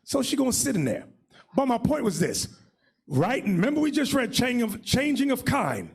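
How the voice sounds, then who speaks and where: A man leading a religious class as bishop, preaching in a loud, mocking, shouting manner. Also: very high-pitched, very animated, moderate pace, gravelly, breathy edge. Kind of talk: fiery religious teaching.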